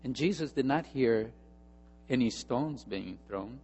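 A male pastor preaching a sermon, telling a story and moving between hushed asides and emphatic repeated phrases. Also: mid-range voice, expressive, unhurried, breathy edge, long reverb tail, lo-fi sound.

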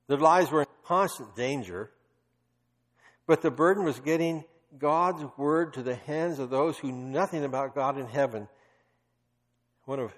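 A man preaching a sermon, telling stories emphatically with passionate bursts. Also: mid-range voice. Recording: long reverb of a large hall.

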